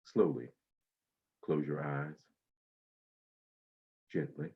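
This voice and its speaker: A man leading a guided breathing meditation, speaking slowly and soothingly with long pauses. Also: very deep voice, level tone, creaky, slightly rough, dull audio.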